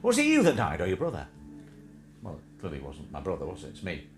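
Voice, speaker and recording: A man's voice: low-pitched, wildly swooping pitch, fast talker, heavy background noise. A man hosting a livestream, chatting in a rambling, jokey way and wandering off on tangents. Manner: jokey, digressive, slips into silly put-on voices. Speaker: livestream host. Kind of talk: rambling casual chat.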